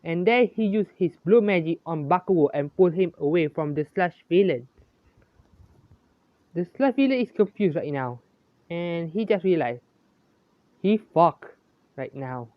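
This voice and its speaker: Amateur narrator for a fan story, halting and self-correcting, lively in pitch, slow. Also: no room sound. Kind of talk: reading a homemade fan story aloud. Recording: dull, lo-fi, dry.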